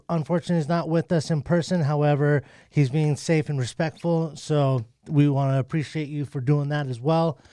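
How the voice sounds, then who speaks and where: A man's voice: a little high, a little mellow, clean tone, dry recording. Laid-back swearing podcast guy, dry sound. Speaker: podcast co-host. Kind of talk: casual chat.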